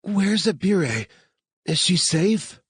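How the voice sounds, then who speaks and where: A man's voice: sits high, very animated, takes it slowly, a bit bright, breathy edge, no room sound, pitched above the performer's own voice, full character voice. A man voicing a frightened young woman scientist in shock, speaking breathlessly and pleading. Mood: fearful. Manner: breathless, pleading, rising to panic.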